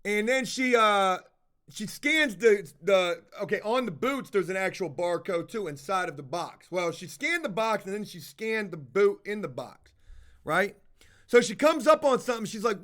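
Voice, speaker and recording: A man running a livestream tells a rambling story, casual and profane, speaking in a high voice at a moderate pace. He's animated and voices both sides of every exchange.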